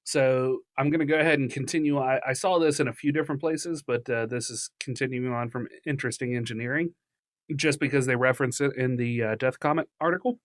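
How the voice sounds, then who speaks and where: A man's voice in a mid register, recorded close and dry in a small studio. He co-hosts a casual podcast, reading articles aloud and chatting with animated energy. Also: medium pitch, brisk, dry recording. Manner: animated, reads at length, laughs easily. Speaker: podcast co-host.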